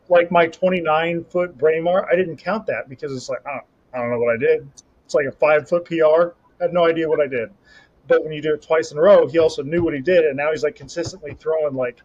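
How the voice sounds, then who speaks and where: A young man on a podcast, casually telling a rambling, animated story about a competition. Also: fairly high pitch. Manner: rambling, animated storytelling with self-talk asides. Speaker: podcast co-host and Highland Games athlete. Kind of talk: casual chat. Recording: slightly dull lo-fi audio.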